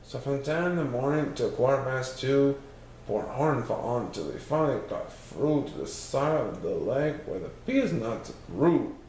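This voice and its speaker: A man's voice: mid-range voice, expressive, unhurried, darkish tone, slight background noise. Sing-song man reading a rhyming storybook. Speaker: storybook reader. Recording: very echoey room.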